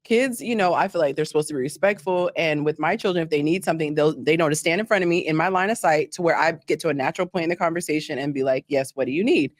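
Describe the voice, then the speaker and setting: A woman hosting a casual interview, telling animated stories and acting out what others said. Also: low-pitched, fast talker, few pauses, dry recording, clean studio sound. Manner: animated storyteller, acts out quotes. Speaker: host.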